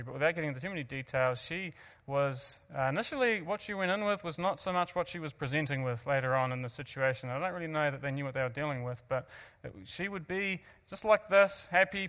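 A man's voice: fairly high pitch, pushed and bright, big-room sound. A man from New Zealand with a New Zealand accent, earnestly telling an audience his personal story with self-mocking asides and frequent restarts. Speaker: guest speaker.

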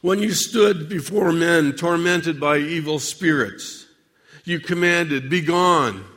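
Slow, theatrical preacher man in a hall. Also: on the high side, fairly even intonation, a bit bright. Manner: slow, measured, theatrical delivery with long pauses. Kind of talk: dramatic sermon monologue addressed to God.

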